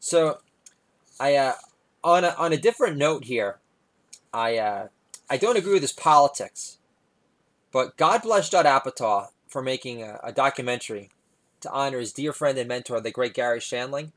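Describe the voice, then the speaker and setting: A man's voice: lively intonation, fairly bright tone. A man, doing stand-up stories with wry asides. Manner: wry, quick asides, mimics his daughter in a higher voice. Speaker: stand-up comedian. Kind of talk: stand-up storytelling.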